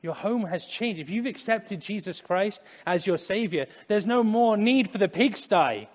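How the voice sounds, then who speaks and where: Brief: male pastor, sermon, dramatic swings between loud and hushed, echoing church hall. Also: high-pitched, animated, measured pace. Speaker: preacher. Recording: echoey hall.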